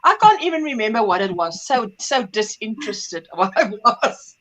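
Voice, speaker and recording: Middle-aged woman host, bright high voice, animated chat, acts out the people in her stories. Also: normal speed, low-quality recording. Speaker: livestream host. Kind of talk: casual chat.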